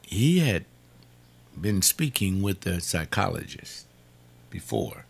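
A man's voice: low-pitched, big pitch swings, slow pace, gravelly, breathy edge. An older man giving an informal sermon-style talk, repeating words for emphasis. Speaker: preacher.

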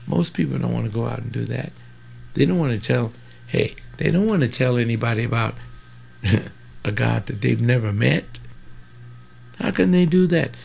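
Gravelly seventy-year-old man preaching. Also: mid-range voice, expressive, normal speed, long pauses, a little mellow, a little hiss or hum. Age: 70s. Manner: fervent, rambling, folksy asides, bursts of emphasis. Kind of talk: informal preaching monologue.

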